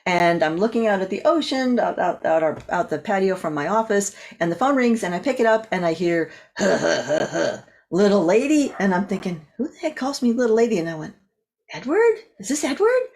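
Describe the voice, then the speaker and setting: A woman guest on a talk show, animated as she tells a story and acts out the voices of the people in it. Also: medium pitch, fast talker, hardly any pauses. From California. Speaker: guest coach. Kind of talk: storytelling in an interview.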